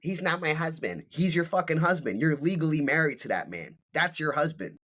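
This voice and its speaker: A man's voice: on the high side, very animated, a little fast, fairly bright tone. A man speaking as a podcast guest, telling a story bluntly and emphatically, with plenty of swearing. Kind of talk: casual storytelling.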